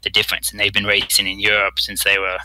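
A man's voice: fairly low pitch, completely flat delivery, quick pace, sharp tone, slight background noise, poor audio. A man from Bermuda with a slight American accent, a pro triathlete telling stories in a casual interview, repeating words as he goes. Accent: American-tinged. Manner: rambling, repeats words, acts out quotes. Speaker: guest, professional triathlete.

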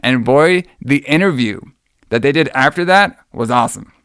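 A man's voice: mid-range voice, expressive, moderate pace, a bit bright, clean tone, no echo, studio quality. A man hosting a casual podcast chat, enthusiastic, rambling and profane. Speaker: podcast host.

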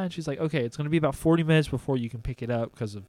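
A man's voice: medium pitch, very fast, darkish tone, no room sound. A young man, a podcast co-host telling a story in casual chat and acting out both sides of the conversation.

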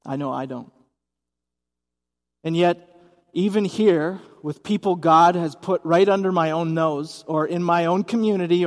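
A man's voice: fairly high pitch, big-room sound. A man preaching a sermon as pastor, speaking conversationally and asking the congregation questions, at a church service in a gymnasium. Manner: conversational, asks the audience questions.

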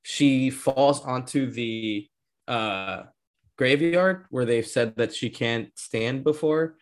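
A man co-hosting a casual movie discussion podcast, animated and laughing often as he acts out scenes. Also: medium pitch, slow. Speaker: podcast co-host.

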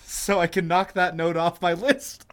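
A man's voice: high voice, measured pace, a bit bright. A man co-hosting a casual podcast, joking crudely and swearing freely. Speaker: podcast co-host. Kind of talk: casual chat.

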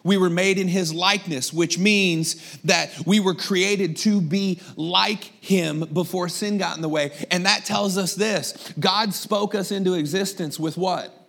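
A man with a high-pitched voice preaches to his congregation. He talks in a lively, conversational way and keeps asking them rhetorical questions. His voice is slightly hoarse, as if he is losing it. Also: a little slow, few pauses. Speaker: pastor. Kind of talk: sermon.

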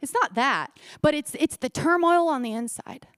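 A woman pastor delivers a sermon with a high, bright-pitched voice. She presses her points with repeated phrases and rhetorical questions to the congregation. The sound is close and dry, with little room echo. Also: lively intonation, moderate pace. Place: church service.

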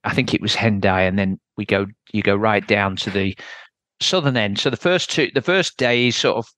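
A man's voice: on the low side, normal speed, pushed and bright, dry recording. Chatty man telling a story, dry sound. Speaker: podcast host. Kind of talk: casual conversation, storytelling.

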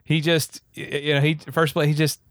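A man casually retelling a movie plot in a rambling, animated way, full of fillers. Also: a little high, fairly quick, no room sound, studio quality.

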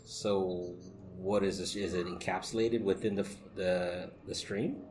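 A man's voice: low voice, steady tone, a little slow, darkish tone, a little hiss or hum. A man co-hosting a podcast, asking questions and repeating himself as he thinks. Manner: asks questions, repeats words while thinking. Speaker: podcast co-host. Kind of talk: casual tech chat.

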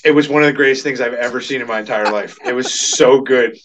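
A man hosting a casual podcast chat, laughing often and restarting his sentences in an animated way. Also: mid-range voice, quick pace, recorded from a distance, slight background noise, poor audio. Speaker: podcast host.

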